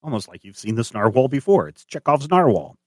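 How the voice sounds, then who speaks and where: A man narrating as game master of a tabletop game, animated and hesitant with many fillers. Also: medium pitch, brisk, dry recording, clean studio sound.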